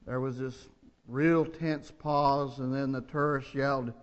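A man's voice: medium pitch, fairly even intonation, unhurried, in a large hall, highs cut off. A male pastor preaching a sermon, telling jokes and stories in a folksy, humorous way.

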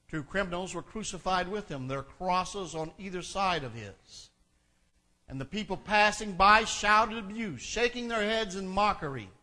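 Man preaching a sermon, bright and forceful tone, earnest and building. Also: sits high, animated, moderate pace. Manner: reads scripture aloud, then explains it in an earnest, building delivery. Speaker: pastor.

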